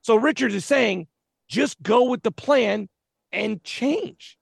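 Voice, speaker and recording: A man's voice: very high voice, slow pace, gravelly, slightly rough, dry recording, clean studio sound. A man co-hosting a casual talk show about faith, speaking in an earnest, reflective way. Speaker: podcast co-host.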